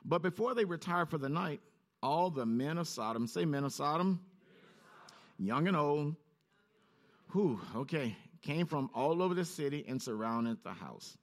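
A preacher reads scripture in a low, steady voice, then his pitch climbs sharply as he comments on the passage. He keeps a measured pace throughout the sermon.

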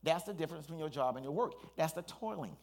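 A man, a pastor, preaching a sermon in an animated storytelling way, with asides and restarts. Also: on the high side, fast, vocal fry.

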